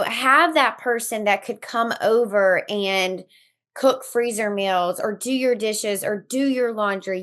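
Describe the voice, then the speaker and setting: A woman's voice: mid-range voice, fairly bright tone. A woman doula speaking as a podcast guest, giving earnest, encouraging advice and getting emotional at times. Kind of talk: heartfelt interview talk.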